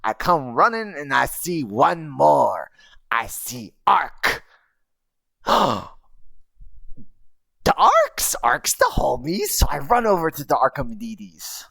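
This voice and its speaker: A woman telling a story in broken goblin-style speech, with an animated voice and casual swearing. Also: deep voice, takes it slowly, creaky, long pauses, no echo. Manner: animated, swooping voice. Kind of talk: in-character storytelling.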